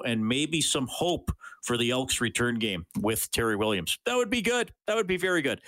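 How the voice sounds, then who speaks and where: A man hosting a sports radio show, talking casually and thinking out loud with frequent restarts. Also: mid-range voice, no echo. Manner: chatty, thinks aloud with restarts. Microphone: studio microphone.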